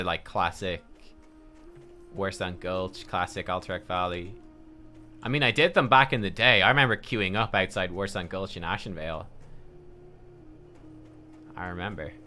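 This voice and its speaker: A man's voice: sits low, animated, unhurried, pauses often, bright, forceful tone. A man streaming an online game, muttering to himself and swearing casually as he plays. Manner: muttering, swearing, thinking aloud. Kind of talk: casual gameplay commentary. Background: game music.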